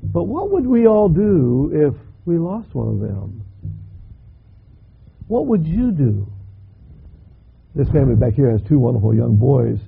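An older man preaching a sermon, dramatic and impassioned, swelling in pitch and volume. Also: sing-song, measured pace, vocal fry, long pauses, slight background noise. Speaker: pastor. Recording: dull lo-fi recording.

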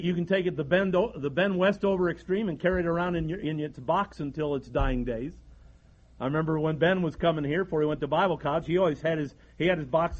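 A man's voice: a little high, dull audio. A man, preaching a folksy sermon from the pulpit and often restarting his sentences. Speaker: pastor.

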